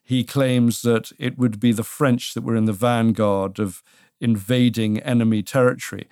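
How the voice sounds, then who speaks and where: A British man co-hosting a casual history chat, telling it in a measured, dryly wry way. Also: mid-range voice, fairly even intonation, darkish tone, dry recording, clean studio sound. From Britain.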